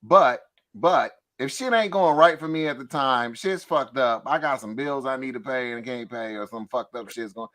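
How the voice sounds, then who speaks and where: A man's voice: medium pitch, normal speed, a bit bright. A man co-hosting a casual podcast, talking in a laid-back way and repeating words as he starts. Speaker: podcast co-host. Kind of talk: casual chat.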